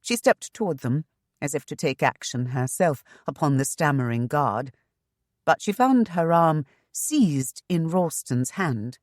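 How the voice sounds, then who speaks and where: A woman reading a historical romance novel aloud in measured, expressive narration. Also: rumbling low, no echo, studio quality. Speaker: audiobook narrator. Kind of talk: scripted audiobook narration.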